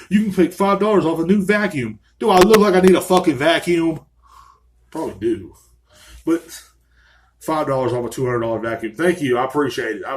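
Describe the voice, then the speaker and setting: A man hosting a solo podcast, ranting angrily and swearing constantly from a small room. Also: medium pitch. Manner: angry, profane ranting. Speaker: podcast host.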